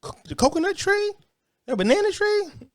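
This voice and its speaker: A man from the US rants into a close, dry podcast mic, his voice riding high and swinging wide as he taunts. He repeats words when he gets heated, mocking and brash. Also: big pitch swings, normal speed, no room sound. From United States. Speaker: podcast host reacting to clips. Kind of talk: mocking rant commentary.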